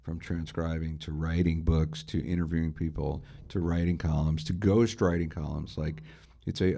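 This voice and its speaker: A man's voice: very deep voice, little pitch movement, normal speed, vocal fry, dark tone. A middle-aged man, a guitarist and music writer, telling enthusiastic anecdotes as an interview guest and asking rhetorical questions. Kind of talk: storytelling in a conversational interview.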